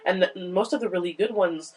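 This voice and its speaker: A woman panellist on a podcast, talking through a children's book in a thoughtful, halting way. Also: on the low side, a little mellow, breathy edge, poor audio. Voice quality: halting, restarts often, thoughtful. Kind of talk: casual book discussion.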